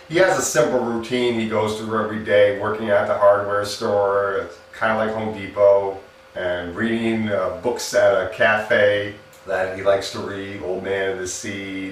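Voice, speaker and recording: A man's voice: fairly low pitch, a bit bright, slight background noise. A man giving a casual spoken movie review, chatty and laughing at his own jokes, with frequent restarts. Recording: echoey room, mic at a distance.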